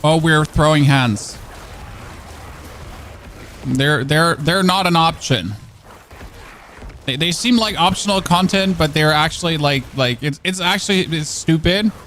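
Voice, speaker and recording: With slight background noise, a man from Germany speaks in a German accent at a measured pace with long pauses; his voice is a little high and a bit bright. He chats casually while streaming a game, rambling, joking, repeating himself and often restarting sentences to self-correct.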